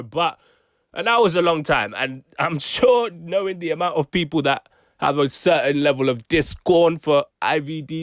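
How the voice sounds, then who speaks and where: A man's voice: a little high, fairly bright tone, no room sound. A young man giving casual, chatty commentary on rap lyrics, laughing often and trailing off with fillers. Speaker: YouTube commentator.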